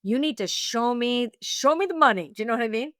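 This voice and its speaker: A woman being interviewed, telling a personal story in a lively, laughing way and acting out what she and others said. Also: a little high, brisk, no room sound, studio quality. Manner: animated, laughing storyteller, acts out her own quotes. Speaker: guest, oracle deck author.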